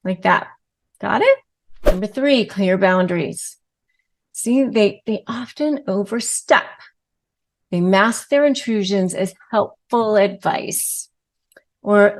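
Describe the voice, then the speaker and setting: Lady lawyer doing a self-help video, takes her time, mid-pitched, lively and chatty with lots of likes and you-knows. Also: slow pace. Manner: animated, acts out quoted lines with many fillers. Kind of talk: direct-to-camera advice video.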